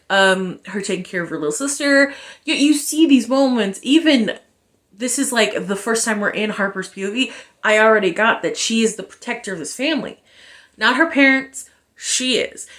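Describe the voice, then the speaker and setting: A woman with a fairly high-pitched voice reviews a book casually, sounding animated and sarcastic. Exasperated asides and an occasional curse word pepper her take.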